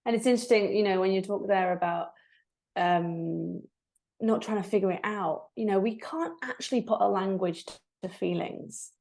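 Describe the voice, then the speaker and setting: Woman guesting on a podcast, mid-pitch voice, chatty and animated, lots of like and you know. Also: normal speed, gravelly. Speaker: guest, breathwork facilitator. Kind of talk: casual interview chat.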